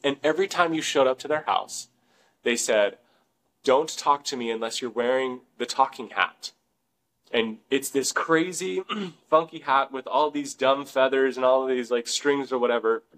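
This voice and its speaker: A man's voice: medium pitch, normal speed, fairly bright tone, low-quality recording. Young man musing in a rambling way. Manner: rambling, frequent "like" fillers and swearing. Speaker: podcast co-host. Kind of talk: casual podcast talk.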